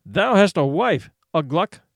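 A man's voice: high voice, very animated, a little slow, vocal fry, no echo, studio quality, heavily acted. A man reading a solemn, proud boy hunter. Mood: solemn defiant. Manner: formal old-fashioned solemn speech.

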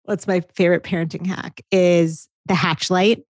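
This is a woman co-hosting a relaxed conversation. Her voice sits a little low, and the sound is dry and close. She tells stories in an animated way and laughs often. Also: normal speed, dry recording. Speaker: podcast co-host. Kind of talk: casual chat.

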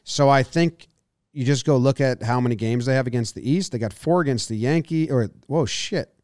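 A man's voice: mid-range voice, normal speed, darkish tone, dry recording, studio quality. A man co-hosting a casual sports podcast, joking around and breaking into goofy voices. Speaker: podcast co-host.

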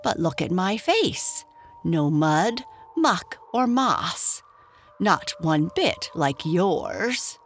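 A woman's voice: fairly low pitch, sing-song, drawn-out words, soft background music, heavily acted. A woman voicing a tiny, fussy, well-spoken male grub in a read-aloud storybook.

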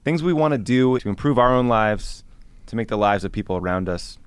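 Brief: male guest host, earnest and upbeat, slightly low voice, dry studio sound. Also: expressive, a little fast, smooth, no echo. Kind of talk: casual studio chat. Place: podcast studio.

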